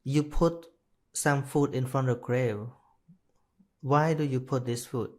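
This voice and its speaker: A Buddhist monk whose first language is Khmer tells a story during a live dharma talk. He speaks slowly and hesitantly, with many restarts and self-corrections. His voice is mid-range with fairly even intonation.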